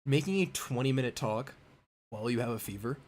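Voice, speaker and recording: A man's voice: mid-range voice, animated, brisk, darkish tone. A young man in his twenties, slightly nasal and stuffy from a cold, chatting casually and a little distractedly while hosting a live stream. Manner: rambling, distracted while fixing stream settings. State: stuffy nose after a cold. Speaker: livestream host. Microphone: mic in view at a desk.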